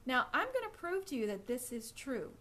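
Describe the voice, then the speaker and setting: Woman etiquette coach, slightly high voice, direct and instructive, speaking to live viewers on a webcam. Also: sing-song, normal speed, bright, forceful tone. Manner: acts out hesitant and confident speech examples. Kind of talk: live-stream tips to viewers. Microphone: phone or webcam.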